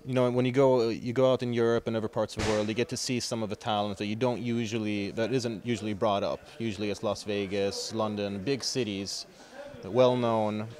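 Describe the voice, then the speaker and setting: A man's voice: lowish voice, fairly even intonation, a little fast, few pauses, crowd noise. A man interviewing a fighter in a gym, asking long, rambling, chatty questions. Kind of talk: casual sports interview. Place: sports gym.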